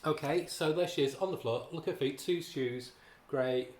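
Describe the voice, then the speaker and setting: A man's voice: on the high side, normal speed, a little mellow. A man giving a casual spoken comic book review, ranting in a sarcastic, exasperated way. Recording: echoey room.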